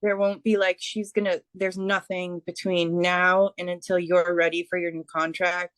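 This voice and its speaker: A woman giving a spiritual reading as a medium, speaking haltingly with many fillers and restarts. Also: lowish voice, level tone, a bit bright, no room sound. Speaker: psychic medium.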